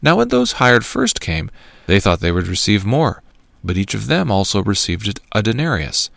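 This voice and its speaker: A man reads scripture aloud in a measured, even cadence. His voice is low and gravelly, and the recording is close and dry with no room echo. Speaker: scripture reader. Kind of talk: scripture reading.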